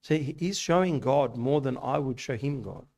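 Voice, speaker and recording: Here a man talks to young people in a church hall, mixing stories and rhetorical questions into a conversational sermon. The voice is mid-range and darkish, with vocal fry, at a moderate pace.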